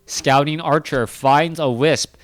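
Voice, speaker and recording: A man casts a strategy match on his own, talking through every move in a chatty, self-correcting way. His voice sits fairly high for a man. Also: slow. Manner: chatty, self-correcting, rising excitement in big moments. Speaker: esports caster. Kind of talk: solo play-by-play game commentary.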